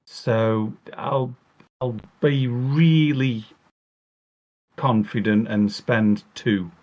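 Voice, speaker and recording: A man's voice: mid-range voice, very slow, a little mellow. A man playing a tabletop game over a voice call, chatty and a little hesitant. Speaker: player. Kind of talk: casual tabletop play. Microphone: computer mic on a voice call.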